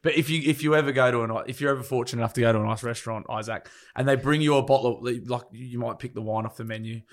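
A man's voice: medium pitch, fairly even intonation, racing. A man in his twenties with an Australian accent, co-hosting a casual podcast chat, crude and joking with lots of swearing. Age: 20s. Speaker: podcast co-host.

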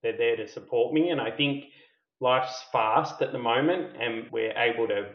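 A middle-aged man shares a story on a podcast, frank and quick to laugh at himself. His voice sits at an ordinary pitch. The recording is roomy and a little muffled. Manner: candid, self-deprecating, laughs at himself. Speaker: company founder and CEO, podcast guest. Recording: roomy, slightly dull podcast audio.

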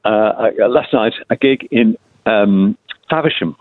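A man's voice: on the low side, measured pace, no echo. An older man with a Liverpool accent, a poet taking part in a casual radio interview and telling rambling anecdotes. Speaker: guest poet. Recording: phone-like line.

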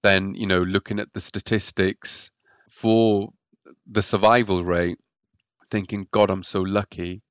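A man's voice: deep voice, level tone, unhurried, smooth, no echo. A man telling his own story as a podcast guest, hesitant and often repeating words. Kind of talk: personal story in a podcast interview.

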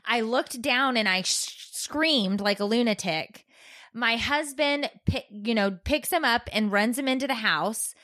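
A woman in her forties chatting casually as a co-host, animated and acting out the voices in her stories. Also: a little high, unhurried, no room sound, studio quality. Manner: animated storyteller, acts out voices. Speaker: podcast co-host. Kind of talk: casual chat.

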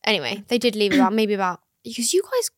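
Young woman chatting on a podcast, says like a lot, mid pitch, dead dry room. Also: sing-song, fast, no room sound. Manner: chatty, filler-heavy, lots of "like". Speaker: podcast co-host. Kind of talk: casual chat.

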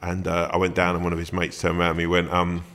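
A man's voice: low-pitched, monotone, fast talker, fairly bright tone, big-room sound. A man, a comedian guest in a casual chat, telling anecdotes, swearing freely and laughing through them. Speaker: comedian and actor, podcast guest.

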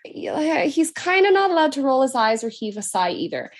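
A woman in her thirties talking in a casual podcast conversation, reflective and measured, explaining her view at length. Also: high voice, sing-song. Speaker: podcast guest, daughter and teacher.

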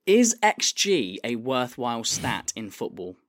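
Man, podcast host, mid pitch, blunt jokey banter, swearing, dry close sound. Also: very animated, unhurried, dry recording. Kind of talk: casual chat.

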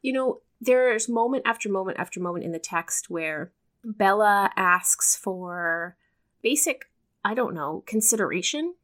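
A woman's voice: medium pitch, expressive, a little slow, fairly bright tone. Woman, podcast co-host, dry sardonic humor, casual chat.

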